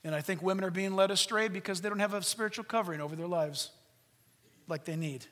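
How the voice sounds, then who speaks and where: High-voiced man preaching in a reverberant hall. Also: fast talker. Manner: animated preaching, mimics voices in a high shout. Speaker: pastor. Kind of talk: sermon.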